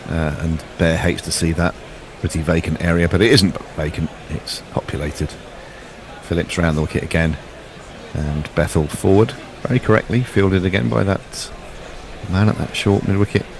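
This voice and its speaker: A man's voice: sits low, background noise. A man giving chatty, jokey ball-by-ball cricket commentary. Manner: chatty, jokey, describes play.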